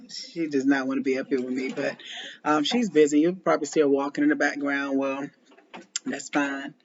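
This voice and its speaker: A woman's voice: very deep voice, fairly even intonation, normal speed, a little mellow, a little hiss or hum. A woman in her forties, a former preschool teacher, chatting casually to camera with a loose, laughing manner and many ums and restarts. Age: 40s. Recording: muffled lo-fi audio.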